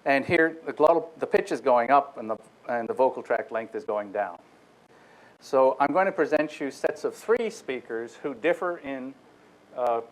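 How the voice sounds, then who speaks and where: Recorded in poor quality, a man with a mid-range voice delivers a technical talk as a guest lecturer. He walks the audience through each step, speaking straight to them and frequently starting his sentences over.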